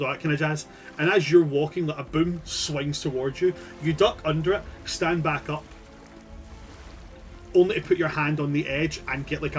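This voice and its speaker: A man narrating as game master in a loose, rambling way, with casual swearing. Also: a little high.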